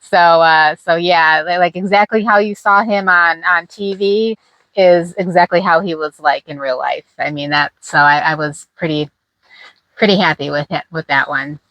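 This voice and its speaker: A middle-aged woman chats through her stories in a fairly low voice, full of fillers and easy laughter. The sound is dry and close, with no room around it. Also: normal speed, a bit bright, no room sound, rough recording. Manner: chatty, laughing, many fillers. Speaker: host. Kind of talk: casual storytelling chat.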